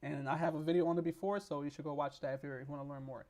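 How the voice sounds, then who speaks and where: A man hosting a stock market video, hoarse from losing his voice, rambling with restarts as he reads news aloud and explains it. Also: fairly high pitch, steady tone, very fast, darkish tone. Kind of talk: casual explainer with screen reading.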